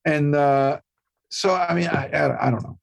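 A man's voice: on the high side, fairly even intonation, measured pace, vocal fry. An older man with a New York accent, a guest actor telling rambling anecdotes full of restarts in a casual chat.

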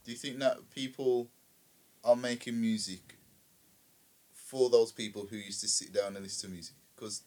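A man's voice: fairly low pitch, fairly even intonation, normal speed, a little mellow. A man co-hosting a podcast, asking questions in casual chat. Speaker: podcast co-host.

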